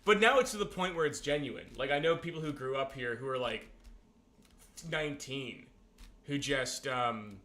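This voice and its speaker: A man's voice: medium pitch, normal speed, pushed and bright. A young man, chatting casually on a stream and explaining things in a rambling way with lots of fillers.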